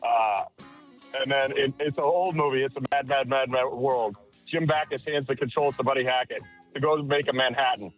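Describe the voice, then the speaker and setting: A man's voice: medium pitch, normal speed, soft background music. A man calling into a radio show and reciting movie quotes. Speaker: caller. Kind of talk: call-in chat. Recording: dull phone-in line.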